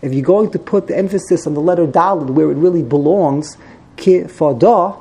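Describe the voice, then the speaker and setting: A man's voice: fairly high pitch, fast, creaky, mellow, husky, rough recording. A man teaching a Torah text class, explaining Hebrew grammar with frequent repetitions and Hebrew terms. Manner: explains grammar patiently, repeats words, mixes in Hebrew terms.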